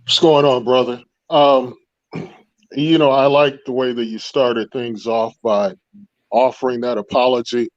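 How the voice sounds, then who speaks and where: A man's voice: mid-range voice, steady tone, measured pace, no room sound. Guy calling in giving the host advice, muffled lo-fi line, dry. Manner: advising, speaks to the audience. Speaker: caller. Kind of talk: casual call-in commentary. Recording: dull lo-fi call audio.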